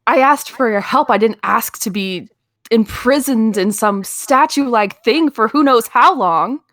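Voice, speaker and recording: A woman playing a shaken young tailed heroine in a tabletop game, halting and earnest. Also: a little high, a bit bright, dry recording, clean studio sound. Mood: upset. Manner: halting, earnest, stumbling over words. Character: shaken young woman with a tail, long imprisoned.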